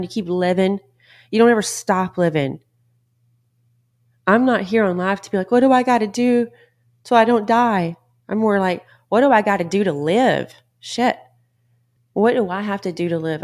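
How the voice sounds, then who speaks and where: A woman's voice: fairly low pitch, darkish tone. Blunt, swearing woman podcast host. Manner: blunt, emphatic, swears casually. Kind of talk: motivational monologue.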